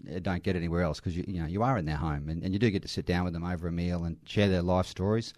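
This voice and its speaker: A man's voice: low-pitched, steady tone, very fast, a little mellow, dry recording, clean studio sound. A middle-aged Australian man, an army veteran working in aged care, telling earnest stories in an interview with restarts. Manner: earnest, anecdotal, with frequent restarts and light laughs. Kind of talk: conversational interview storytelling.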